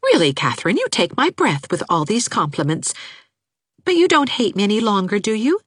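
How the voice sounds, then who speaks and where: A woman's voice: mid-range voice, wildly swooping pitch, a little fast, breathy edge, no room sound, clean studio sound, voice pushed up. A woman reader voicing an earnest, eager young woman teacher who speaks imploringly, in an audiobook. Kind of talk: audiobook character voice.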